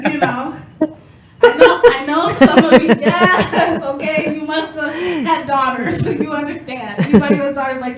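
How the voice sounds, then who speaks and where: Female stand-up comic in her 30s, high voice, self-mocking and chatty, laughs along, roomy echo. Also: unhurried, a loud crowd. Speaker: stand-up comedian. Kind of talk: stand-up comedy set.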